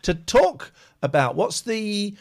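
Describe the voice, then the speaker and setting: A middle-aged man hosting a call-in live stream, chatting casually and teasing callers with deadpan jokes. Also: slow pace, vocal fry. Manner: teasing, deadpan jokes, lively swings in pitch. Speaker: live stream host taking phone calls. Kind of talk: casual joking chat with callers.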